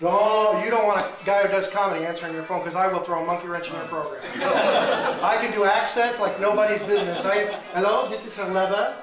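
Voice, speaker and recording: A male comedian doing crowd work, teasing audience members with animated banter at a live show. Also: sits high, fast talker, over music. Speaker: stand-up comedian. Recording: echoey room, mic far, loud crowd.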